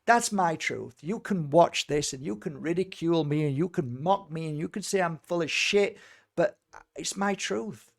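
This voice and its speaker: Male medium guest, high-pitched, emphatic, animated storyteller who repeats and restarts words. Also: normal speed, gravelly. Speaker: spiritual healer and medium, guest. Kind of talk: casual storytelling conversation.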